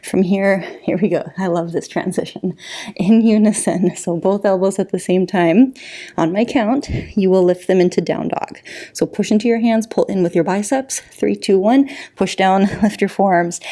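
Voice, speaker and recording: A woman's voice: fairly low pitch, moderate pace. A woman leading a yoga class, counting down and cueing each pose, a little out of breath. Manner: counts down and cues poses calmly, with light laughs. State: slightly out of breath. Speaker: yoga instructor. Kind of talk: guided yoga class instruction.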